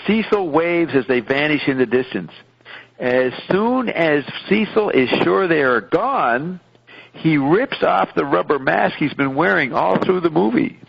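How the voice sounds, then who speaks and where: Radio host guy reading a movie script out loud, gravelly husky voice, dull lo-fi radio sound. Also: on the high side. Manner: casual, profane, excitable commentary. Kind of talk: reading aloud and discussing a film script. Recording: muffled radio broadcast.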